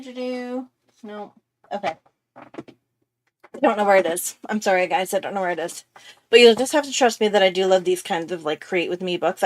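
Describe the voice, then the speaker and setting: Bubbly, excitable woman streaming live. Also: fairly low pitch. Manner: bubbly, excitable, apologetic, chatty with fillers. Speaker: art channel host. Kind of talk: casual live-stream chat.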